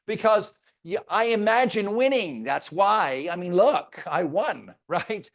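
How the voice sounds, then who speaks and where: A man's voice: high voice, lively intonation, moderate pace, hardly any pauses. An older man with a slightly raised voice runs a team training session. He talks with energy and throws in jokes. Now and then he mimics the grumbling of his agents. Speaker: real estate team leader.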